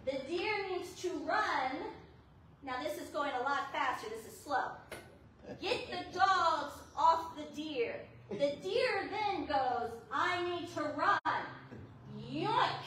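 High-voiced laughing woman pastor. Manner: lively, laughing anecdote. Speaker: associate pastor. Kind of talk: sermon storytelling. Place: church fellowship hall. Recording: echoey hall, mic at a distance, audible noise.

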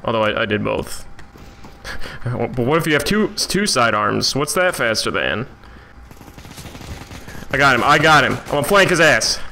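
A man giving excitable let's play commentary while gaming at home, swearing often and joking at his own play. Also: medium pitch, normal speed, creaky, long pauses, a little hiss or hum. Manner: excitable, swearing, self-mocking. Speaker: gamer.

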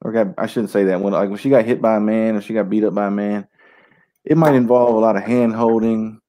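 A man on a casual talk show rants with constant swearing and rough humor. His tone is mellow and somewhat dark. He swings his pitch high and low as he gets worked up. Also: fairly quick. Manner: crude, animated, swearing constantly. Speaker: co-host. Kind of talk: casual profane banter.

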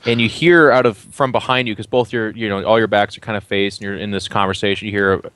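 A man running a tabletop game, narrating scenes in a chatty, playful way with plenty of fillers. His voice is low, and the recording is dry and close. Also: steady tone, fast talker, fairly bright tone, no room sound. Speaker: game master.

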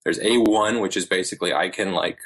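Low husky guy in his 30s, chatty podcast guest, tells stories fast with lots of asides. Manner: animated storyteller, quick asides with laughs. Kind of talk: casual interview chat.

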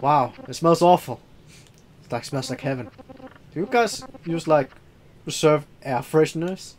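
A man reading and voicing game dialogue in a casual let's-play, halting over lines with fillers and laughs. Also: on the high side.

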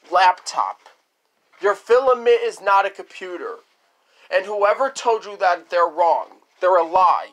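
Brief: high-pitched man, slow and scolding, repetitive lecturing tone. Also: a bit bright. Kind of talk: improvised cartoon monologue.

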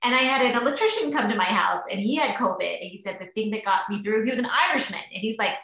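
A woman's voice: mid-range voice, fast talker, creaky, hardly any pauses, a bit bright. A woman physician answering webinar questions in a casual, chatty way with many fillers. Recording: roomy echo.

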